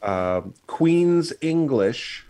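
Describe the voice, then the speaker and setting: A man's voice: on the high side, very animated, very slow, warm tone. A man co-hosting a casual chat on a video call, explaining with many fillers and restarts. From United States. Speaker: podcast co-host.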